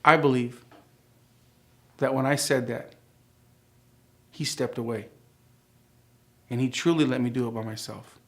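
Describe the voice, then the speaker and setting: A middle-aged man with a gravelly, creaky voice at an ordinary pitch tells his personal testimony. He animates the story by acting out the back-and-forth of the people in it. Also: unhurried, pauses often, fairly bright tone. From United States. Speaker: church member sharing his testimony.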